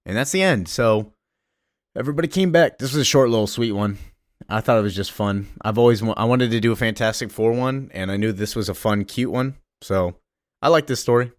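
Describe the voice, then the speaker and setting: A man's voice: fairly low pitch, fairly quick, dry recording, studio quality. A man casually recapping a comic story, rambling with many fillers.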